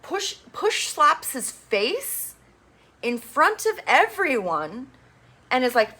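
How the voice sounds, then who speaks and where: A woman's voice: fairly high pitch, sing-song, slow, pushed and bright. A woman casually recapping a reality show, chatty and opinionated, with casual swearing.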